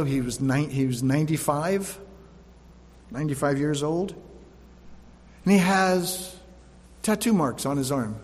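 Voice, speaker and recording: A man preaching a sermon, reading verses aloud and then explaining them in plain conversational asides. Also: mid-range voice. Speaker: pastor. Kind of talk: sermon, scripture reading with commentary. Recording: echoey hall with long reverb.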